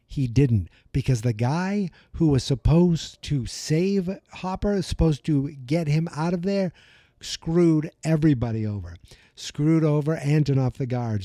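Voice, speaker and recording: A man hosting a podcast, recapping an episode in a chatty, animated storytelling way. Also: mid-range voice, no room sound, clean studio sound. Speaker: podcast host.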